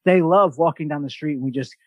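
A man's voice: on the high side, quick pace, dry recording, lo-fi sound. New man telling stories, dry sound. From New York. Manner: animated, mimics other voices in quotes, swears casually. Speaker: podcast host. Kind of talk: casual storytelling chat.

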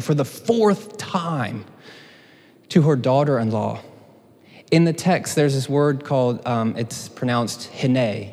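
A man's voice: medium pitch, a little mellow. Man, pastor, chatty sermon, joking asides, reverberant hall. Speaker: teaching pastor. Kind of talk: sermon teaching.

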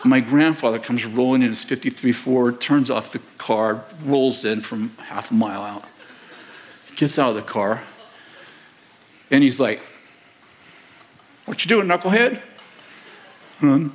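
Animated storytelling male pastor. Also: medium pitch, a little slow, a little hiss or hum. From United States. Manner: animated storyteller, laughs often, acts out voices. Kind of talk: sermon with storytelling. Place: large church auditorium.

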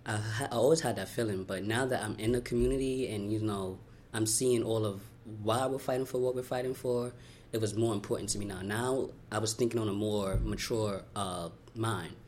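A young man from Brooklyn, telling his life story in an interview, candid and heartfelt, talking in quick runs with lots of "you know" and "like.". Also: on the low side, steady tone, darkish tone. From Brooklyn, New York. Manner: candid, fast-flowing, heartfelt, many "you know" and "like" fillers. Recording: faint background noise.

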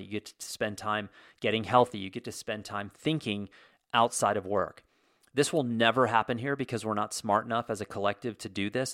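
A man's voice: fairly low pitch, a bit bright, dry recording, clean studio sound. A man hosting a casual opinion monologue, rambling and blunt, with many restarts and asides. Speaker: host.

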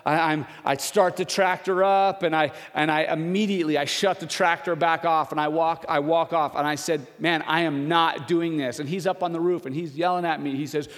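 Man, pastor, sermon storytelling, slightly high voice, long church-hall reverb. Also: steady tone, moderate pace, hardly any pauses. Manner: storytelling, acts out voices of others with loud raised pitch.

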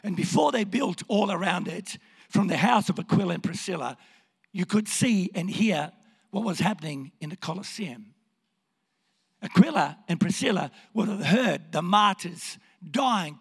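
A man preaching in a hoarse, gravelly voice, his pitch high and leaping about as he moves between quiet words and shouts. The long reverb of a church hall hangs behind every line. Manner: impassioned, swings from hushed to shouting. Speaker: pastor. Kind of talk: sermon.

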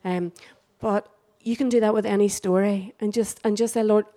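A woman leading a church group reflection, gently prompting people to share and affirming them. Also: medium pitch, steady tone, moderate pace. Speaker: prayer group leader.

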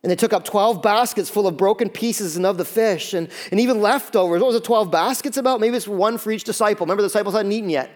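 High-voiced man preaching lively. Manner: lively, conversational preaching with quick asides and acted-out quotes. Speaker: pastor. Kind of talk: sermon.

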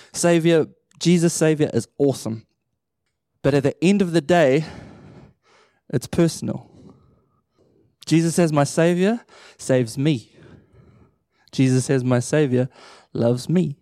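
Man preaching, mellow voice, dry close sound, playful animated storytelling. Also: a little high, a little slow, no room sound. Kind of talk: sermon. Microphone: handheld or stage microphone.

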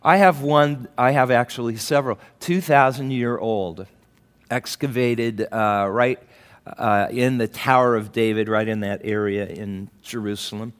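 A man preaching a sermon in a relaxed, conversational way, with asides and chuckles, acting out quoted lines with a lift in his voice. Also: mid-range voice, a little slow, clean tone. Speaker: pastor.

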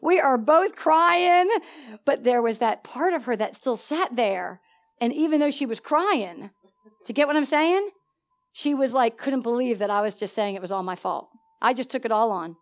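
Animated woman preaching a personal story. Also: on the high side, normal speed. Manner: animated storytelling, swings from loud to soft; asks the congregation questions.

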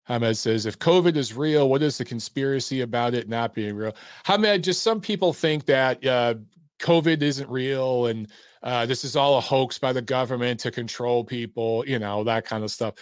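A man hosts a live call-in stream, reading out the chat and chatting loosely between callers. He talks bluntly, swears freely and keeps things casual. His voice sits at a middling pitch and sounds close and dry, with no room around it. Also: moderate pace, smooth, no echo. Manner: blunt, profane and laid-back.

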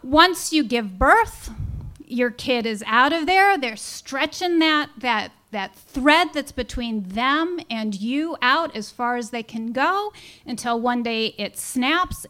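High-voiced middle-aged woman telling stories. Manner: wry, animated storytelling with humorous asides. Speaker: storyteller at a story slam. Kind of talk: live personal storytelling. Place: live storytelling event in a brewery.

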